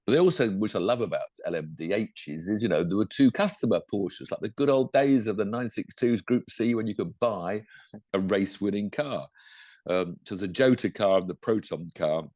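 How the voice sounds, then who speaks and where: A man's voice: fairly low pitch, expressive, moderate pace, a little mellow, no room sound, studio quality. A man co-hosting a podcast, chatting casually about motorsport in a rambling, self-correcting way. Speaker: podcast co-host.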